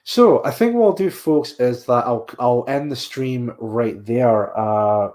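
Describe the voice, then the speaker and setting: A man's voice: medium pitch, slow, a little mellow. A man hosting a podcast livestream, tired and yawning, rambling and repeating himself as he signs off. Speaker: podcast host. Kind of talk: casual livestream sign-off.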